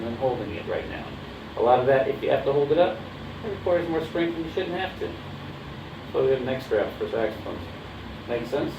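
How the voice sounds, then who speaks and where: A man giving a hands-on horn lesson in a casual, coaching way, often checking that his student understands. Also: medium pitch. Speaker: horn teacher. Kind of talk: casual one-on-one instruction. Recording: roomy, distant, dull mic with background noise.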